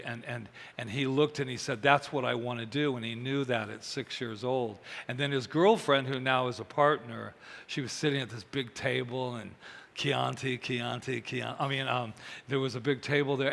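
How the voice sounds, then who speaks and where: A man's voice: mid-range voice, gravelly. A man giving a chatty sermon, telling stories and acting out the voices of the people in them. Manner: chatty, animated, acts out quoted voices. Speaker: minister. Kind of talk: conversational sermon with storytelling. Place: church hall. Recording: reverberant hall.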